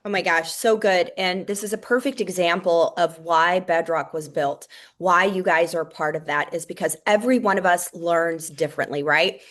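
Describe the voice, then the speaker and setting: Animated woman telling heartfelt stories. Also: fairly low pitch, moderate pace, few pauses. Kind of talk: motivational team call.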